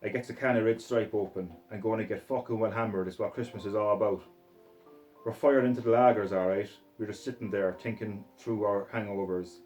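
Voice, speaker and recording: A man reading a story aloud in the first person, putting on a Scottish accent and talking in a rough, swaggering way. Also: lowish voice, fairly even intonation, fairly quick, darkish tone, soft background music. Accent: put-on Scottish accent. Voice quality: rough, profane, swaggering narration in character. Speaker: reader of a short story.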